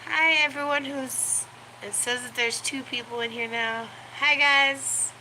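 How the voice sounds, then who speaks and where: A woman's voice: high-pitched, fairly even intonation, measured pace, poor audio. A woman hosting a casual live chat from home, rambling to viewers and cooing baby talk to her dog. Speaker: livestream host chatting with viewers. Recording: loud background noise with dog sounds. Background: dog barking.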